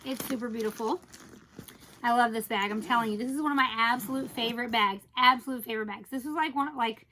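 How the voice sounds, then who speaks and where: A woman chatting through a casual product review vlog, gushing about her collection with playful asides and quick self-corrections. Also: fairly high pitch, bright, forceful tone, slight background noise, rough recording.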